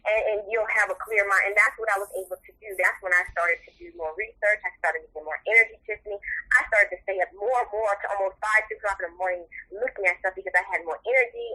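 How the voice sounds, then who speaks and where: Earnest middle-aged woman, bright voice. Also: mid-range voice, fast, breathy edge, poor audio. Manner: tearful, earnest, encouraging. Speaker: interview guest, mother of the subject. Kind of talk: emotional interview talk.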